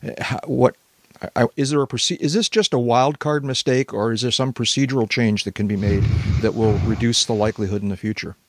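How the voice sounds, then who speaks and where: A man's voice: mid-range voice, fairly even intonation, a little fast. Inquisitive man hosting a podcast. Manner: inquisitive, moderating. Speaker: podcast host. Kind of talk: casual chat.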